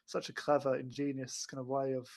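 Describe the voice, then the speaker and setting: A man on a film podcast chatting and agreeing, talking fast and repeating words as he thinks. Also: medium pitch, little pitch movement, vocal fry, darkish tone. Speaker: podcast co-host. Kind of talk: casual film discussion.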